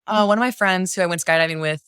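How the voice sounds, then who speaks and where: A young woman chatting as a podcast guest, bubbly and quick to laugh, with lots of "like" in her talk. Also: lowish voice, fairly bright tone, clean tone, dry recording, clean studio sound. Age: young adult. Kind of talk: casual chat.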